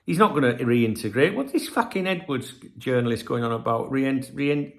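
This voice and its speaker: A man's voice: medium pitch, animated, moderate pace. A tired man hosting a football channel, ranting bluntly with heavy swearing. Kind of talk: late-night ranting vlog.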